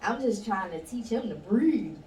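A woman's voice: medium pitch, moderate pace, recorded from a distance. A woman spins a story in casual chat, her voice swinging up when she acts out other people. She sits back from the mic in an echoey room with a faint hiss underneath. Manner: animated, laughing, acts out quoted voices. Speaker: guest storyteller.

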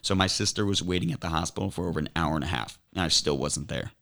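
A very low-voiced young man speaks as a podcast guest, slowly and earnestly recounting a personal ordeal. He halts and restarts his sentences as he goes. His tone is deep and grounded. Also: gravelly, a bit bright. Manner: earnest, halting retelling with repeated restarts. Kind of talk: emotional personal storytelling.

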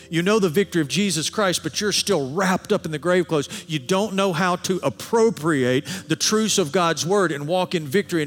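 A man preaching a sermon with animated delivery, sometimes acting out quoted voices. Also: a little high. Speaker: pastor. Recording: long hall reverb with faint music.

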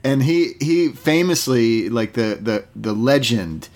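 A man, an actor, speaking candidly and a little haltingly in casual conversation. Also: medium pitch, animated, a little mellow. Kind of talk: casual chat.

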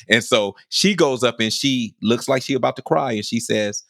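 Animated storytelling man, dry sound. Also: medium pitch, moderate pace, few pauses, no room sound. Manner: animated, repeats phrases for emphasis, acts out quotes. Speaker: podcast speaker telling his life story. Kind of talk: casual personal storytelling.

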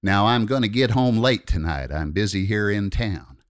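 A man's voice: on the low side, lively intonation, moderate pace, no echo, studio quality, natural voice. A man voicing a sassy, flirtatious diner waitress who turns brash and scolding, in a recited comic story poem. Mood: scolding, furious. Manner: saucy and brash, barking insults when angry.

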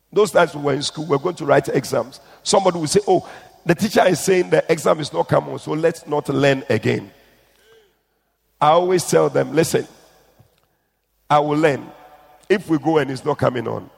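Gravelly preacher, urgent in an echoing hall. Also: male voice, fairly high pitch. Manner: urgent pleading. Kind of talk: sermon with read-out testimony. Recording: echoey hall.

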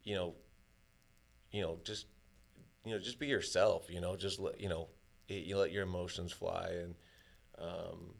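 A man talking in a casual conversation, halting and full of fillers as he shares personal stories. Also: deep voice, steady tone, vocal fry.

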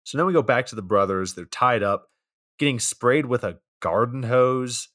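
A man's voice: mid-range voice, moderate pace, fairly bright tone, no room sound, studio quality. A young man casually recapping a film plot for a podcast, swearing freely and acting out characters' lines.

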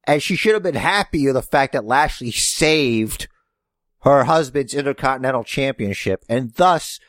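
A male podcast co-host in loose, joking chat, swearing freely, with a lively voice that rises and falls a great deal. The recording is dry and close. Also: medium pitch, normal speed, no room sound. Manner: joking, profane, animated. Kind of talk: casual chat.

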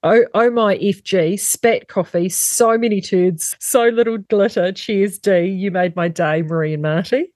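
A woman's voice: medium pitch, a little slow, few pauses, a little mellow, no room sound, studio quality. A middle-aged woman with a New Zealand accent hosting a talk radio show, reading listener messages aloud and then reading news items. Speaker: radio host. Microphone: studio microphone.

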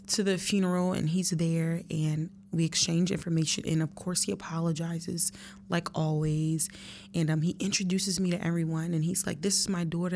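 An earnest woman in her early thirties tells her own story on her podcast, emotional and direct with her listeners. Her voice sits fairly low. A faint hum runs under the recording. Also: vocal fry, a little mellow. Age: 30s. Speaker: podcast host. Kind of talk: personal storytelling monologue.

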